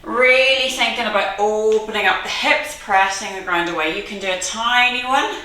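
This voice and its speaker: A woman's voice: medium pitch, normal speed, sharp tone, a little hiss or hum. A woman leading a guided workout as a fitness instructor, counting reps aloud with an encouraging manner and frequent laughs. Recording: very echoey room, mic far off.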